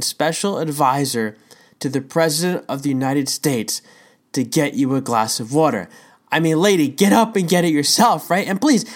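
Emphatic conversational devotional speaker. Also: medium pitch. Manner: emphatic storytelling with rhetorical questions; conversational, says "dude" and "right?". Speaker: devotional teacher. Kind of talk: casual devotional talk.

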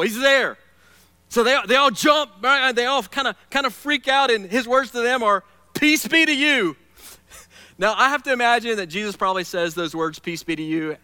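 A man preaching a sermon, telling stories in a playful, animated way and acting out the scenes he describes. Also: very high-pitched, clean tone, dry recording. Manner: animated, playful storyteller who acts out scenes. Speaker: pastor.

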